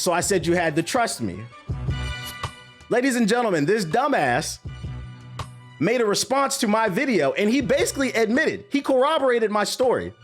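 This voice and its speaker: A young man, ranting in casual, profane stream commentary. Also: high-pitched. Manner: animated, slangy, profane rant. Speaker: streamer and content creator.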